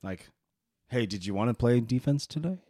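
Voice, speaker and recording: A man's voice: medium pitch, animated, normal speed, warm tone, no echo, clean studio sound. A man co-hosting a casual sports podcast, laughing often and swearing freely. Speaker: podcast co-host.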